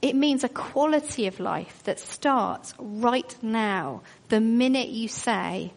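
Unhurried woman preaching in a reverberant hall. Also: a little high, expressive, gravelly. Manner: earnest, questioning, storytelling delivery. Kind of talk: sermon. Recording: long reverb of a large hall.

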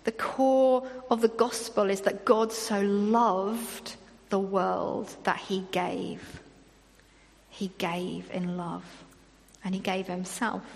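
A woman's voice: medium pitch, big-room sound. A woman preaching a sermon in an earnest manner, reading scripture aloud between her own remarks.

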